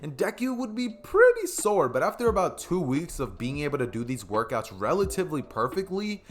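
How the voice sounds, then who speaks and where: A man's voice: on the high side, wildly swooping pitch, brisk, soft background music. A young man casually narrating an improvised fan story, rambling with many fillers.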